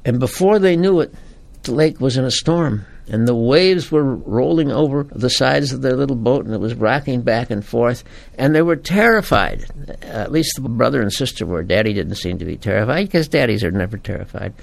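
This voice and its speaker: A man, a priest, giving a homily in a folksy, animated storytelling manner. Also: medium pitch, normal speed, gravelly.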